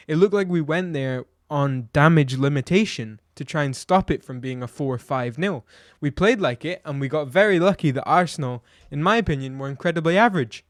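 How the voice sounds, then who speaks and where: Fairly high-pitched and recorded with clean, echo-free studio sound, a man rants his way through a blunt, exasperated football match review. He keeps firing off rhetorical questions in this opinionated vlog.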